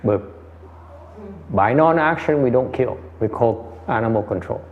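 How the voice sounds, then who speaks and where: A man's voice: medium pitch, animated, a little slow, a little hiss or hum. A man giving a conversational dharma lecture, repeating phrases and answering questions. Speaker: meditation teacher. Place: meditation hall. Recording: muffled hall recording.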